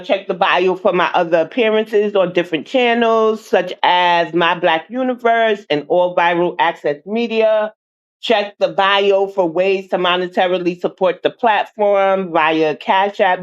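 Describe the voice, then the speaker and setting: A woman's voice: fairly low pitch, highs cut off. A woman hosting an online show, talking bluntly and with exasperation straight to her viewers in casual commentary.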